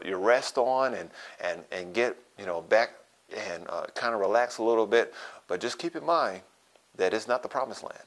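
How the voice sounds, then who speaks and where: A man's voice: mid-range voice, fairly bright tone. A man pastor preaching a sermon, repeating phrases for emphasis and checking in with "okay?".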